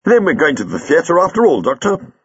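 A man's voice: on the high side, huge pitch swings, a little fast, breathy edge, dull audio, voice pushed up, heavily acted. A man doing a blunt young warrior woman. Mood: earnest.

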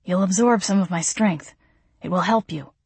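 A woman's voice: on the low side, normal speed, a little mellow, husky, dry recording. A woman voicing an old-fashioned male vampire lover, bemused and soothing. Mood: dry.

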